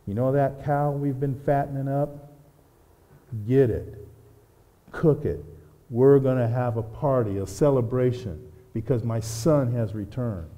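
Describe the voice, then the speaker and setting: A man voicing a loving older father who speaks quietly and gently to his son. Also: medium pitch, measured pace, lightly acted. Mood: commanding. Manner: gentle and quiet, then commanding. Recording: long church reverb.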